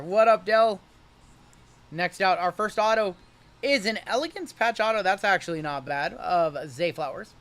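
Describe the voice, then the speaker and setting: Upbeat high-voiced man hosting card breaks. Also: fairly bright tone. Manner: jokey, upbeat banter. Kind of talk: livestream card-opening commentary.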